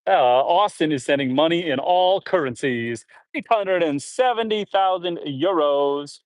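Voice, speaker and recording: Chatty homesteader grunting while shoveling. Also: male voice, on the high side, a little slow, no room sound. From Canada. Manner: grunts and sighs between shovel loads, chatty. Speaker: homestead livestreamer. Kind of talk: casual live chat reading comments while working. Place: farm outdoors at sunset. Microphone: phone.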